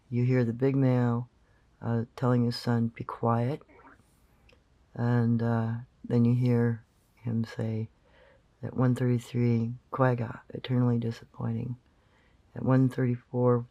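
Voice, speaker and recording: A man's voice: mid-range voice, creaky, warm tone, lo-fi sound. A man explaining a recording in casual commentary, rambling and thinking aloud with many fillers. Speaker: channel host.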